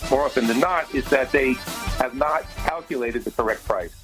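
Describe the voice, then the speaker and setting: A man gives measured explanations as an industry expert guest on a radio show. His voice sits in a middle register, and clear music plays behind him. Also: mid-range voice, rough recording. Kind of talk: radio interview.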